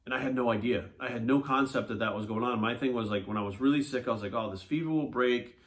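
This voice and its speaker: A man who talks quickly. He is a fitness coach telling a personal story straight to his viewers. He is blunt and animated, and he swears freely. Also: mid-range voice. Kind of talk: casual monologue to camera.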